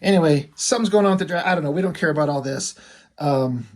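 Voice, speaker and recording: A man casually recapping a comic book in a relaxed, profane way, laughing at the dialogue. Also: on the high side, fast talker.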